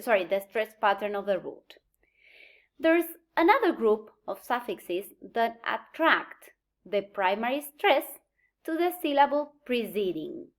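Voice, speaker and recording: A woman teaching English word stress in a recorded lecture, speaking deliberately, drawing out example words and checking in with a questioning "mm?". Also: a little high. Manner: slow, deliberate, tags points with a questioning "mm?".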